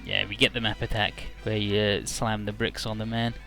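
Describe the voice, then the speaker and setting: A man giving casual, rambling gameplay commentary in a low-key, mumbly way. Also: level tone, moderate pace, creaky, pushed and bright, soft background music. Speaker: let's play host.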